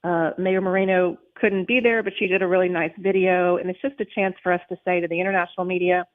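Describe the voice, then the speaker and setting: A woman's voice: lowish voice, flat delivery, fast. Chatty woman on a tinny phone line. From New Orleans. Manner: chatty, lots of fillers. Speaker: tourism official guest. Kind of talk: casual radio interview.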